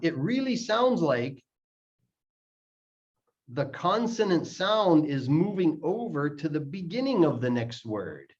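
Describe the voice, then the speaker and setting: A man explains pronunciation at a slow, deliberate pace, often repeating short phrases to show how words link. His voice sits a bit high for a man. The recording is dull and lo-fi. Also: big pitch swings, darkish tone. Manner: repeats words slowly to demonstrate sounds. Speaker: English pronunciation teacher. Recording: dull lo-fi audio.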